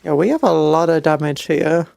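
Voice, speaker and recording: A woman's voice: sits low, steady tone, moderate pace, gravelly, warm tone, no echo. A British woman streaming a game, reading upgrades aloud and making jokey asides. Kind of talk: casual gameplay chat.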